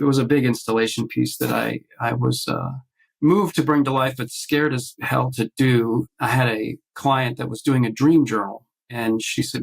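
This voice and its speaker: An artist appearing as a podcast guest over a video call tells a personal story in casual conversation, animatedly acting out the voices of the people in it and restarting often. His voice is medium-pitched and creaky, and the audio is poor.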